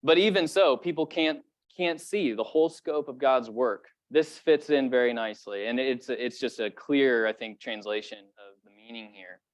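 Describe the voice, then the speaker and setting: A man's voice: mid-range voice, moderate pace, few pauses. Casual man preaching. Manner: casual conversational preaching with fillers; swells louder when stressing a point. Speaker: pastor. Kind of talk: sermon.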